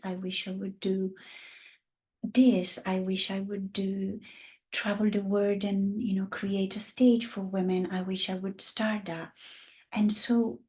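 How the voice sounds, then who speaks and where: A woman in her fifties from Italy, speaking with an Italian accent in a medium-pitched, slightly mellow voice. She's a women's coach appearing as a guest in a casual interview, talking passionately and acting out the voices of the women she describes.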